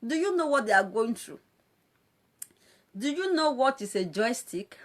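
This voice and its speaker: A woman's voice: fairly high pitch, big pitch swings, a little slow. A woman with a Nigerian accent, a social media presenter ranting on a live video, mocking and scolding her callers and laughing often between lines.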